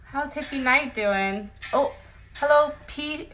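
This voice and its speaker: A woman's voice: high-pitched, a little slow, a bit bright, slight background noise, poor audio. A woman author chatting casually with viewers on a phone livestream, rambling and giggly, often joking about herself.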